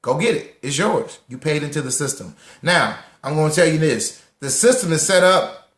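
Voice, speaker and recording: Brief: young male host, animated and preachy, fairly high voice, echoey room. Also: moderate pace. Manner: animated, preachy, repeats lines for emphasis, greets listeners by name. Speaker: host of a live social audio room on personal finance. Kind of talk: lively casual talk to a live audience.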